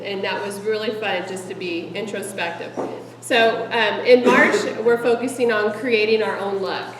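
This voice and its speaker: A middle-aged woman presenting meeting ideas to fellow directors, chatty and animated and laughing often. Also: medium pitch, moderate pace, a crowd in the background. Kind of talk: casual presentation to a group. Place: meeting room with an audience. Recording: echoey room from a distant mic, audience audible.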